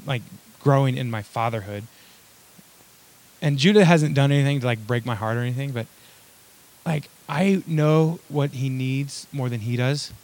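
Young male pastor, casual sermon delivery, loose and joking, mid-pitched. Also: moderate pace, pauses often, a little mellow. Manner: conversational, joking asides, many fillers.

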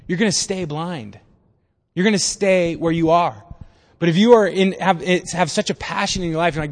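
A man's voice: a little high, normal speed, big-room sound. A man pastor giving a casual, conversational sermon in a church. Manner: casual, conversational preaching with acted-out voices.

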